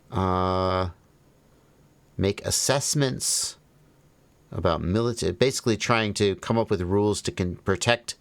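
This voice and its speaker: A man's voice: fairly low pitch, no room sound. A man hosting a livestream, reading phrases aloud and commenting wryly as he thinks them through. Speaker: livestream host.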